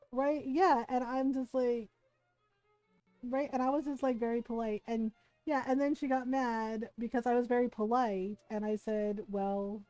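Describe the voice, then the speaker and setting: Woman streamer ranting through a story, kinda high, mellow tone, swears a lot, faint game music behind. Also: no echo, poor audio. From United States. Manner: animated retelling, swears freely, laughs often. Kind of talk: casual livestream storytelling.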